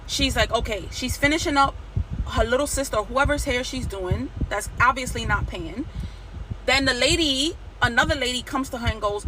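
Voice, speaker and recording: A woman's voice: fairly high pitch, normal speed. Blunt, profane woman ranting, noisy recording. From Nigeria. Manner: blunt, profane, animated retelling with quoted dialogue. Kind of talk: storytime rant video.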